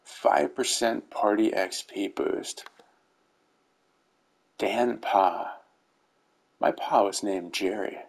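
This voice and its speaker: This middle-aged YouTuber has a lowish, gravelly voice, talking very slowly with long pauses as he casually comments on game rewards over gameplay footage. His humor runs to dry dad jokes. The recording is rough, with faint background music.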